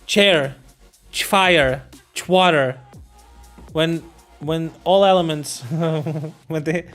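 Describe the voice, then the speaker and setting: A man's voice: a little high, extremely slow, long pauses, a bit bright, faint music behind. A man live-streaming, reading out war news headlines and commenting on them in a casual, irreverent way, swearing and laughing as he goes and stumbling over names.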